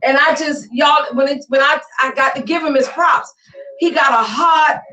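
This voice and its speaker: A woman's voice: high voice, normal speed, sharp tone, recorded from a distance. A woman hosting a talk show, talking emphatically and often raising her voice. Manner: emphatic, exclamatory, often raises voice. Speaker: podcast host. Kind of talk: casual talk show chat. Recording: roomy sound, away from mic.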